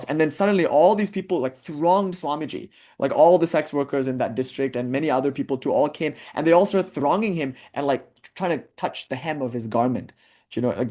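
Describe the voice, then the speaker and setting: A man's voice: mid-range voice, darkish tone. A man giving an informal spiritual lecture, telling stories in a digressive way and filling his speech with "like". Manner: digressive storytelling, frequent "like" fillers.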